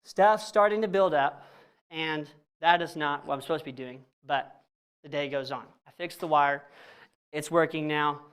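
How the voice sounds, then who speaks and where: A young man at a church, casually telling a personal story, animated and self-mocking, acting out both sides of conversations in plain slang. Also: a little high, moderate pace, clean tone. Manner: animated, self-mocking, laughs at his own frustration.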